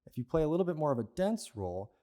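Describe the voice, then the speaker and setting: A young man with a mellow, relaxed tone gives a patient, step-by-step percussion lesson. He often checks in with the listener with a quick "okay?" or "right?". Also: a little high. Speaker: percussion teacher. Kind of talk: instructional lesson.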